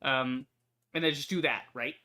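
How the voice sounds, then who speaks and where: A young man chats over his gameplay in a bright, forward voice, wandering from topic to topic. He pads his talk with fillers and restarts, the relaxed, meandering manner of a gaming YouTuber. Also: mid-range voice, normal speed, slight background noise. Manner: rambling, talkative, many fillers and restarts. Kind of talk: casual gameplay commentary.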